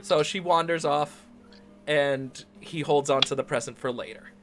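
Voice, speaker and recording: A man's voice: fairly high pitch, steady tone, unhurried, music in the background. A man narrating as game master of a tabletop game, rambling with frequent restarts and laughs.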